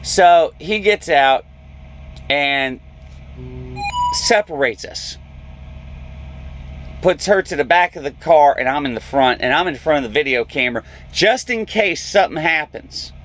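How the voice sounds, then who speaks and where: Trucker guy telling a story slow, acts out the voices, kinda high pitched. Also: expressive, a bit bright, a little hiss or hum. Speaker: truck driver. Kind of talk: storytelling vlog.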